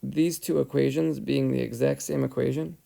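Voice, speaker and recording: A man with a deeply gravelly, fry-laden voice at an ordinary middle pitch talks through a math lesson over a screencast. He walks patiently through each step and keeps checking in with his students. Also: fairly even intonation, normal speed, warm tone. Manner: patient, explains step by step, asks "right?". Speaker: math teacher. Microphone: headset or tablet mic, voice-over screencast.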